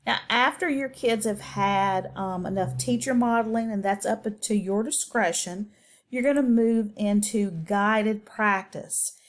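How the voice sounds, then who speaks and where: A woman's voice: mid-range voice, measured pace. A woman teacher giving a patient, step-by-step instructional voice-over on reading skills, with occasional ums.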